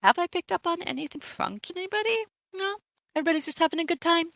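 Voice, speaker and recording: A woman player in a tabletop game, talking in an animated way and laughing often. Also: very high voice, fast talker, creaky, no echo, muffled recording.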